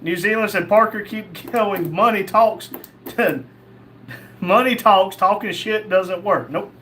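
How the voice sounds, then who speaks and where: Taking it slowly, a livestream host with a high, somewhat bright voice reads chat comments aloud and answers with crude, blunt humor. The stream is casual, and there's slight background noise.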